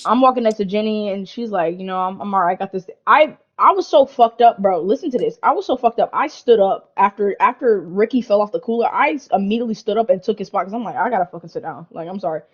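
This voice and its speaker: A young woman co-hosting a podcast, telling a party story in a casual, animated way, full of slang and swearing. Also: mid-range voice, fast talker, hardly any pauses, highs cut off. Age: young adult. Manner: animated, slangy, heavy swearing, lots of "like" and "bro". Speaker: podcast co-host.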